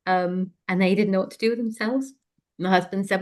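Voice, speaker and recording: A woman telling a personal story in conversation, frank and lively, with many fillers. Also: on the high side, fast talker. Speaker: interview guest.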